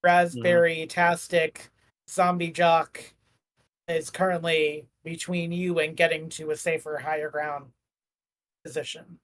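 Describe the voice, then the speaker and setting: A man's voice: on the high side, little pitch movement, a little slow, fairly bright tone. A man running a tabletop game as game master, describing the scene in a loose, rambling way full of "like" and "uh". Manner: rambling, filler-heavy, jokey.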